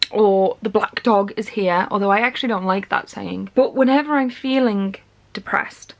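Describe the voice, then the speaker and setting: A woman's voice: a little high, a bit bright. A woman in her thirties vlogging to camera, telling a story in a tired, emotional, rambling way. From England. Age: 30s. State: weary after crying. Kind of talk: personal vlog talk.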